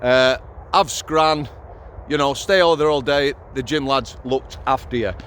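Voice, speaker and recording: A man's voice: mid-range voice, measured pace, fairly bright tone. Middle-aged man, ex-prison officer vlogger; blunt, sweary storytelling, outdoors with faint street noise. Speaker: former prison officer, channel host. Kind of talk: casual vlog storytelling.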